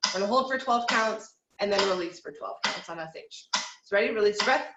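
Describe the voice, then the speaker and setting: A woman's voice: medium pitch, brisk, very noisy. Woman vocal coach in an echoey room. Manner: encouraging, instructive, counts aloud. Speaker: vocal teacher. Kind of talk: online singing lesson, guiding breathing exercises. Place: home room.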